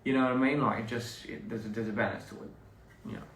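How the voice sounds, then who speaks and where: A man's voice: mid-range voice, fast talker. Man, rambling and roomy. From Australia. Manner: rambling and relaxed, with many restarts and fillers. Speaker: performer talking to fans. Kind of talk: casual livestream chat. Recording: roomy, somewhat distant phone audio.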